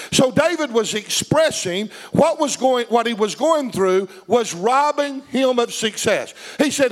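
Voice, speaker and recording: A man preaching a sermon, reading scripture and putting questions to his congregation. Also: very high voice.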